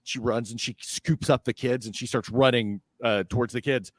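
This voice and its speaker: A man narrating a tabletop game as game master, laughing often and breaking into shouted character cries. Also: medium pitch, fairly even intonation, normal speed, no echo, studio quality.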